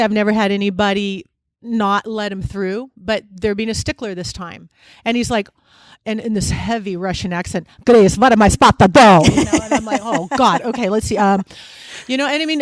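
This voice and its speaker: A woman guest on a live podcast interview, telling stories in an animated, chatty way. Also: medium pitch, clear, resonant tone, no room sound. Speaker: guest, travel company co-founder. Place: live event with an audience.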